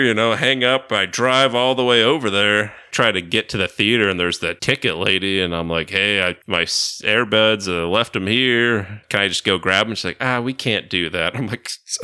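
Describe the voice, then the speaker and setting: A man co-hosting a podcast, telling an animated, riled-up story and mimicking other people's lines with frequent laughter. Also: fairly low pitch, clean tone, no echo, clean studio sound. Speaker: podcast co-host.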